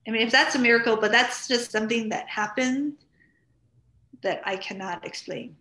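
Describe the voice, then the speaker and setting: A woman's voice: fairly high pitch, normal speed. A middle-aged woman from Hawaii, guest on a talk show, telling stories casually and acting out what people said. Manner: animated, acts out quoted speech. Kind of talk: casual storytelling. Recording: roomy studio echo.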